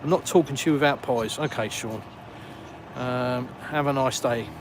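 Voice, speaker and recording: On a noisy outdoor phone stream, with passing cars and street noise behind him, an Englishman with a southern accent walks through a village. Medium-pitched and moderately paced, he hosts a live stream, reading comments and chatting casually with viewers in a self-mocking way.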